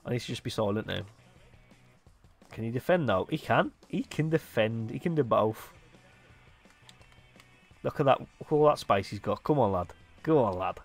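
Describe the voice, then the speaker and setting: A young man giving excitable live commentary on his own football video game match, dropping to low mutters between sudden loud outbursts. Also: moderate pace, long pauses, faint music behind. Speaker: gaming YouTuber.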